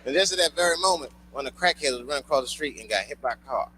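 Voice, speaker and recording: A man performing a stand-up routine, telling a loose, profane story and shouting his punchlines. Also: medium pitch, lively intonation, very fast. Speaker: stand-up comedian. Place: comedy club stage before a live audience. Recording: noisy live club recording.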